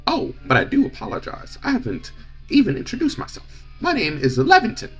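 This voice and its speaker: A genteel professor, very high and swooping, prim and fussy. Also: male voice, huge pitch swings, fairly quick, slightly rough, soft background music, full character voice. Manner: prim, old-fashioned gentlemanly phrasing. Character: polite fussy male professor, genteel and excitable.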